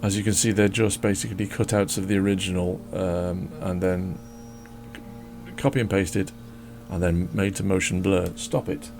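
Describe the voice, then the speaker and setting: A man's voice: low-pitched, flat delivery, normal speed, vocal fry, background noise. A man chatting casually as he draws, rambling and joking and talking to his dog. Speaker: drawing channel host. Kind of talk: casual chat while drawing.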